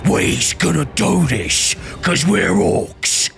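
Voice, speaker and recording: A boastful orc warlord growls out his words slowly, with heavy gravel in every syllable. His pitch swings widely as he brags. Music plays clearly behind him. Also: very animated, a bit bright, exaggerated voice. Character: brutish male orc warlord, boastful and bloodthirsty. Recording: voice over background music.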